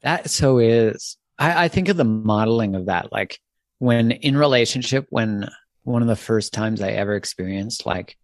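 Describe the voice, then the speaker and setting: A man with a lowish voice hosts a podcast conversation. He is earnest and thoughtful and often halts mid-phrase. His voice is recorded dry, with no room sound. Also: normal speed, gravelly, no room sound. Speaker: podcast host.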